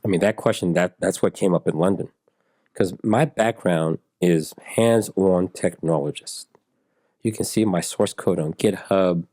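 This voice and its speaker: A man in his forties, an interview guest, telling stories in a relaxed way and acting out the people in them. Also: deep voice, unhurried, no room sound, clean studio sound. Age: 40s. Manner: animated storyteller who acts out dialogue in raised voices. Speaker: interview guest, software engineer.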